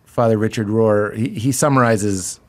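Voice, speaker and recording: A man, a comedian guest in casual podcast chat, animated and quick to laugh, acting out quoted voices. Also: on the low side.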